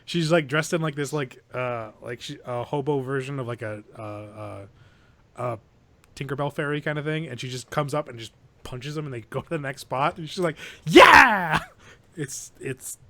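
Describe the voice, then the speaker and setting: A man's voice: medium pitch, moderate pace, no echo. A man co-hosting a podcast, talking casually in a rambling, joking, profane way. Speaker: podcast co-host. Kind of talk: casual chat.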